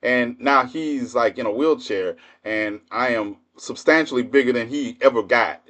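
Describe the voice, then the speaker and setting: A man's voice: medium pitch, moderate pace, a bit bright. A man in his fifties hosting a livestream, telling stories in a blunt, profane, laughing way. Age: 50s. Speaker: livestream host. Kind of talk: casual storytelling monologue.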